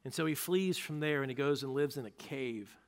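A male pastor preaching a sermon, retelling a story with animated narration and acted-out quotes. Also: mid-range voice, fairly quick, clean tone.

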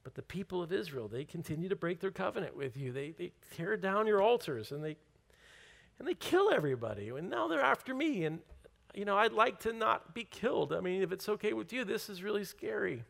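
Preacher as a tired scared prophet, soft and pleading, quiet. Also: male voice, high-pitched, sing-song, a little fast, creaky, full character voice. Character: Elijah, weary frightened prophet, broken-spirited man.

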